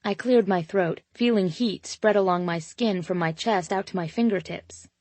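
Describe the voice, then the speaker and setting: A woman narrating a romance audiobook in first person, steady and intimate. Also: mid-range voice, normal speed, no echo.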